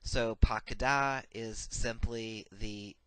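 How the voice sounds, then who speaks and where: Man lecturing a grammar course: a somewhat low, dry-recorded voice, patient and methodical, with plenty of "uh"s. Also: fairly even intonation, fairly bright tone, clear, resonant tone, dry recording, rough recording. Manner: methodical, recites paradigms slowly, frequent "uh" fillers. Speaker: Hebrew grammar teacher.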